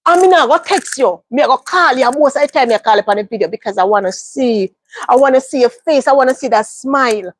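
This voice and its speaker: A woman with a high voice talks straight to her viewers in a casual monologue. She hammers home her points by repeating them. The sound is dry and close, with no room around it. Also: lively intonation, brisk, no room sound. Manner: emphatic, repeats phrases for stress. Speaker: livestream host.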